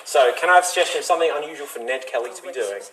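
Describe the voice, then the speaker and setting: A man hosting an online improv show, brisk and laughing often. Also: medium pitch, fairly bright tone. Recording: noisy video call audio.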